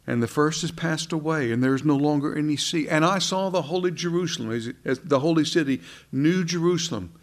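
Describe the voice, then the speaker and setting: A man preaching a sermon in an earnest, conversational way, asking his listeners questions and swinging between soft and emphatic delivery. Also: fairly high pitch, brisk. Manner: conversational, asks the congregation questions.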